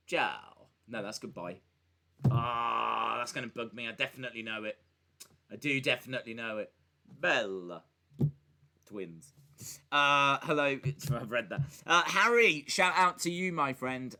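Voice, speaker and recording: A man's voice: medium pitch, expressive, unhurried, sharp tone, faint music behind. A man hosting a casual live stream, rambling and joking as he reads out viewer messages. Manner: rambling and chatty, with many fillers and restarts; jokey, talking back to viewers and a voice assistant. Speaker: live-stream host reacting to wrestling and reading chat.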